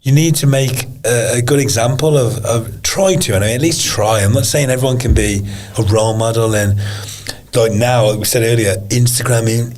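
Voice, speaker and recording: A man with an ordinary middle-pitched voice, chatting as a podcast guest. He speaks bluntly and earnestly, with restarts and frequent swearing. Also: normal speed, a little mellow. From England. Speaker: podcast guest, pro MMA fighter. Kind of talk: casual interview chat.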